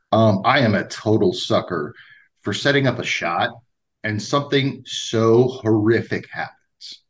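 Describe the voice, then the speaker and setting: A man co-hosting a podcast, talking in a rambling, animated way with lots of restarts. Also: lowish voice, a little hiss or hum. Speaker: podcast co-host. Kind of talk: casual chat.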